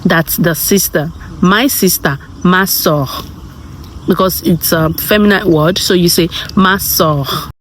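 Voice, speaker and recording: Woman, channel host, casual lesson, slightly low voice, repeats words, faint background hum. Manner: slow and repetitive, saying each word twice. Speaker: language tutor and channel host. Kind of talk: casual spoken vocabulary lesson.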